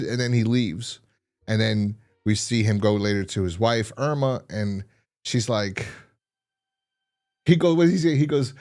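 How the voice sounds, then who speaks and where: Animated man acting out scenes. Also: on the low side, normal speed. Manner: animated, acts out characters in jumpy voices. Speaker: podcast co-host. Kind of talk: casual review chat.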